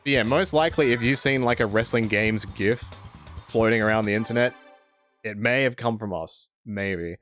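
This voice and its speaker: A man's voice: on the low side, moderate pace, a bit bright, no room sound, soft background music. A man with an Australian accent chatting casually on a live game stream, rambling and answering chat as he plays.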